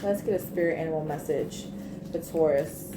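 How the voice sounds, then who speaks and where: A woman's voice: deep voice, moderate pace, background noise. Blunt, cussing woman tarot reader. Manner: blunt, emphatic, swears freely. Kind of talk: casual tarot reading to camera. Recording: echoey room with faint ambience.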